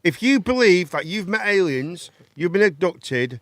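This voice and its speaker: English male host, cheeky and rambling, animated, higher-pitched, dry close sound. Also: unhurried, no room sound. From England. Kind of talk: casual chat.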